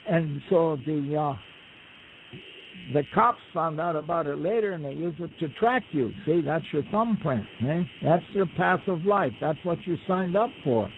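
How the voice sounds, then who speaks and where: Man, storyteller, slightly high voice, rambling asides, phone-line audio. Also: unhurried, slight background noise. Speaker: radio show guest. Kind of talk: telling a folk tale. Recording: tinny phone line on radio.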